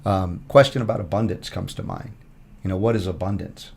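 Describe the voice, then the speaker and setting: A man with a very low, deep voice speaks as a podcast guest. He reflects in a thoughtful, philosophical manner, weighing spiritual ideas as he goes. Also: fairly quick, gravelly, a little mellow. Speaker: podcast guest, health broadcaster. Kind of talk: reflective conversation.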